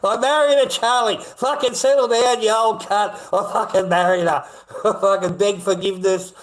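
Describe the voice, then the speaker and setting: A man with an Australian accent putting on a loud, sneering impression of a pleading abusive husband, laughing through the words. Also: high voice, steady tone, normal speed, pitched above the performer's own voice, lightly acted. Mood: mocking.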